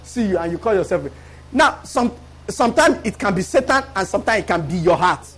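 Preacher, male, very high voice, call-and-response delivery to a church congregation, emphatic repeats. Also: expressive, a little fast, fairly bright tone, breathy edge. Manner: preaches with call-and-response, often asking the congregation if they follow. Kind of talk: live sermon.

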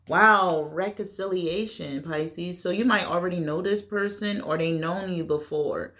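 A woman's voice: on the low side, unhurried, a bit bright. A woman gives a casual tarot reading. She talks blunt and playful, cussing now and then as she reads. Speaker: tarot reader.

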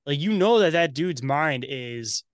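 A man's voice: on the high side, animated, a little slow, no echo, studio quality. A man talking as a podcast guest in casual chat, loose and rambling, swearing a lot and calling his host "dude".

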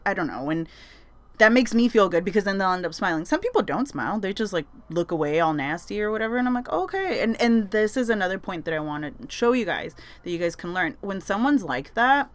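A young woman telling a story casually, chatty, with lots of fillers and frequent swearing. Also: mid-range voice. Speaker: vlogger sharing advice.

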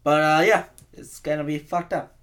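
Brief: twenties guy hosting a podcast, slightly high voice, profane and rambling rant. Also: steady tone, normal speed, fairly bright tone. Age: 20s. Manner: rambling, profane, self-mocking. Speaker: podcast host.

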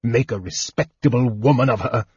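A man voicing a bitter, proud knight lord who talks softly with a shaking, menacing voice, on a muffled lo-fi recording. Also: mid-range voice, normal speed, slightly rough, no room sound. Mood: seething.

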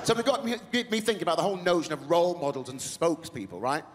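A man's voice: a little high, very fast, noisy background. A man performing a stand-up comedy set, acting out the people he quotes. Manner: animated, acts out the people he quotes. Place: large theatre with a live audience. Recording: reverberant hall, crowd laughter.

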